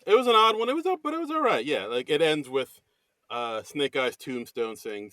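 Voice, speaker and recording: A man co-hosting a podcast in casual chat, animated and quick to laugh. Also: on the high side, dry recording. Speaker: podcast co-host.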